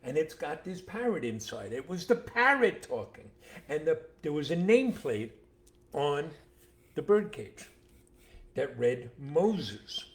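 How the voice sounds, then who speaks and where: An older man co-hosting a casual chat, telling jokes and stories with animated voices for the characters. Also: fairly high pitch, measured pace. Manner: animated storyteller acting out voices. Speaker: co-host, father.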